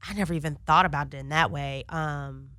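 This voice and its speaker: A woman's voice: low voice, brisk, dry recording, clean studio sound. A woman being interviewed as a guest actress, chatting casually in an office and laughing often as she tells stories. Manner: laughs often, animated storyteller.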